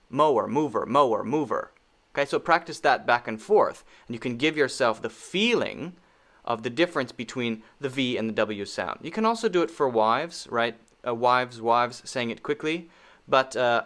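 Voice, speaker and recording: A man's mid-range, slightly bright voice carries this pronunciation lesson. Patiently, he repeats sounds many times so learners can hear them.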